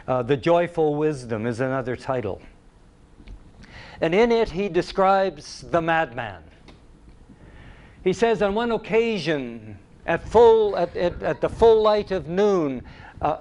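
Slow, deliberate male preacher. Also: fairly high pitch, darkish tone. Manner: deliberate, emphatic, repeats key phrases. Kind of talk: sermon.

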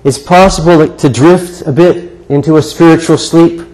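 A man's voice: a little high, fairly even intonation, normal speed, darkish tone, low-quality recording. An older man preaching a sermon to a congregation in an earnest, conversational way, with repeated rhetorical questions. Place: church sanctuary before a congregation.

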